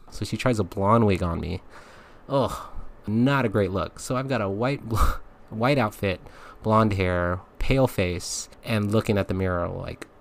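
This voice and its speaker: A man's voice: on the low side, vocal fry. A man, a podcast host, casually telling a personal story, laughing often and acting out the lines people said. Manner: chatty, laughs often, acts out quotes.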